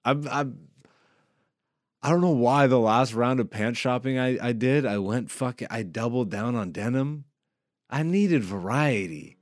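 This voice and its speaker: A man hosting a casual comedy podcast, laughing, swearing and joking, high and relaxed. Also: measured pace, no room sound, studio quality. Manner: animated, swearing, laughing a lot. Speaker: podcast host.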